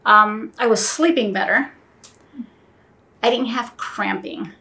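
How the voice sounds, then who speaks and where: A woman's voice: medium pitch, slow pace, gravelly, pushed and bright, slight background noise. A woman telling a personal story in a casual interview, acting out both sides of the conversations she recalls.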